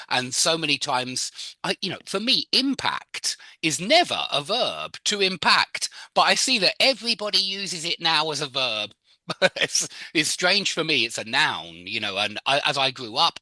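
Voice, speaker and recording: A man teaching English in a live online group class, chatty and quick to laugh. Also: a little high, no room sound. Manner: lively, chatty, laughs often. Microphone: video call.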